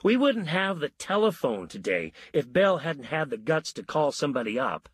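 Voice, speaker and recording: A man voicing an eager friend who urges the others on in a raised, excited voice. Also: on the high side, moderate pace, husky, dry recording, voice pushed up.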